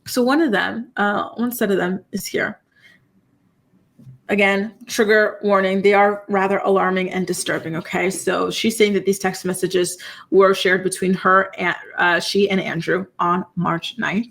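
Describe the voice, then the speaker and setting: A woman hosting a casual live-stream commentary, talking straight to her viewers. She sounds incredulous and animated, with frequent "you know" and "y'all". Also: medium pitch, measured pace, vocal fry. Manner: incredulous, animated, reacts to chat. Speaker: commentary channel host.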